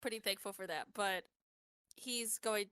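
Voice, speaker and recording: A woman playing a tabletop game, narrating her character's actions with animated storytelling. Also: medium pitch, measured pace, smooth, no echo. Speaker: player. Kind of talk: tabletop role-play chat.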